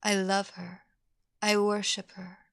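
A woman's voice: mid-range voice, level tone, slow, a bit bright. A woman voicing an adult woman, a former babysitter, who speaks in an eager, pleading way. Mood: adoring.

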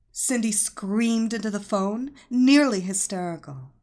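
A woman reading an audiobook story aloud as its narrator, with expressive storytelling. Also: mid-range voice, takes it slowly.

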